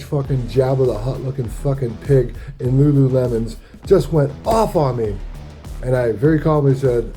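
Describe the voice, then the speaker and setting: Dark-voiced, profane man. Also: medium pitch, normal speed, soft background music. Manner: profane, rambling, laid-back. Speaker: vlogger. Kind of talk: casual storytelling rant.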